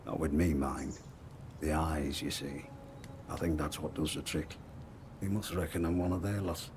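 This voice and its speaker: A man's voice: a bass voice, fairly even intonation, normal speed, background noise. An actor playing a wary, chatty male woodland trader with a northern English accent touched by Liverpool. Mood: wry. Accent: northern English with Liverpool hints. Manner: folksy, wary, chatty storyteller.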